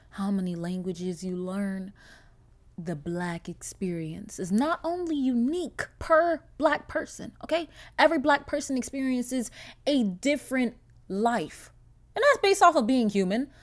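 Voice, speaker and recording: Young woman host with a casual, expressive, profane delivery and a mid-range voice. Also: mid-range voice. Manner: animated, profane, full of filler words. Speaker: podcast host. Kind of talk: casual podcast monologue.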